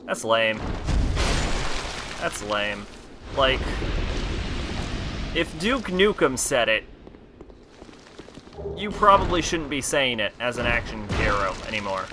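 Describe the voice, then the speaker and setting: A male streamer chatting loosely over his stream, full of fillers and restarts and quick to laugh at himself. His voice sits at a middling pitch. A clear layer of background noise runs under the recording. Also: lively intonation. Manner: rambling, filler-heavy, easily amused. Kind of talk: casual stream chat.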